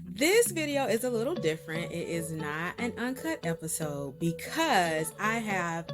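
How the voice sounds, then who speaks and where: A woman's voice: mid-range voice, very animated, unhurried, over music. A woman hosting her faith-based video series, giving a casual update straight to the camera. She talks in a bubbly, emphatic way, laughs often, repeats words for emphasis, and gets emotional enough that she is near tears.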